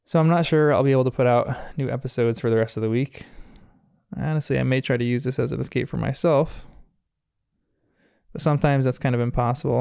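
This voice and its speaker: An American man hosts a podcast and recaps a cartoon episode in an earnest, reflective manner, chuckling often. His smooth, resonant voice carries a gravelly edge. The close, dry recording has no room sound. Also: mid-range voice, mellow, no echo. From United States. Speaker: podcast host.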